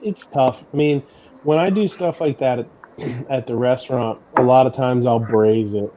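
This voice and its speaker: A man's voice: medium pitch, moderate pace, warm tone. A man who cooks at a restaurant, chatting casually and rambling with many fillers. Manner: rambling, hedges with lots of fillers. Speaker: restaurant cook. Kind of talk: casual chat. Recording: muffled lo-fi line with faint noise.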